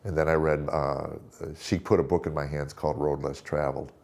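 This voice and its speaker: A middle-aged man telling his personal story in a conversation as a guest, halting and reflective, often repeating words as he goes. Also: rumbling low, level tone, creaky, darkish tone.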